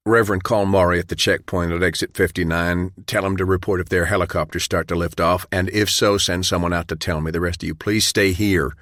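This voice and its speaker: Guy doing a tough leader man, firm and controlled, deep dry voice. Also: fairly even intonation, fairly quick, hardly any pauses, a bit bright, no room sound. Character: tough male community leader, firm and steady.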